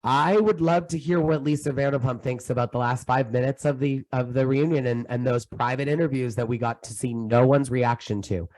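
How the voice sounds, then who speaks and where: A man co-hosting a podcast, gossiping in emphatic, animated casual chat. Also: medium pitch, a little fast, few pauses, rough recording. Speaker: podcast co-host.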